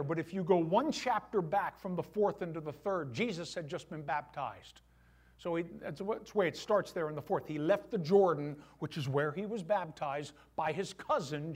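A middle-aged male pastor preaching a sermon to his church, animated, with voiced asides. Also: a little high.

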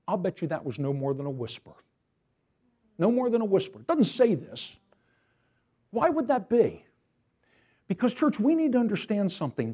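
A male pastor preaching a sermon to his church, telling a story in an animated, storytelling way. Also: high voice.

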